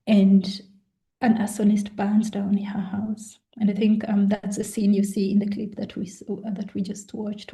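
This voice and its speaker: A woman giving an academic lecture, measured and thoughtful, often pausing with "um" and restarting her sentences. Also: mid-range voice, dark tone, poor audio. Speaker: guest lecturer. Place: online lecture.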